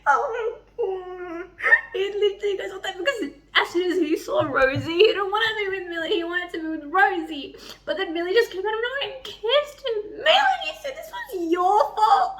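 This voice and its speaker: A young woman chatting in a casual reading vlog, excitable, rambling and swearing freely as she rants about characters. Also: very high voice, a little fast. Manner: rambling, restarts often. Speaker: book vlogger.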